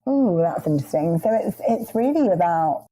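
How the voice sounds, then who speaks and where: A woman in her thirties, a podcast guest telling stories in an animated, rambling way. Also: lowish voice, moderate pace, no room sound, poor audio. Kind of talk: casual interview chat.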